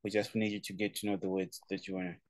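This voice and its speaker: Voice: low voice, level tone, quick pace, no room sound. Playful tutor on a dry video call. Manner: playful, laughs often, repeats words for drill. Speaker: Chinese tutor. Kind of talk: casual online language lesson.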